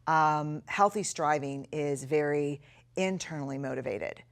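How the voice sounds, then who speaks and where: A middle-aged woman teaching a recorded lesson in a notably low voice. She speaks earnestly and reflectively and slows right down to lean on key words. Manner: earnest, reflective, with slow emphatic stretches. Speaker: course instructor.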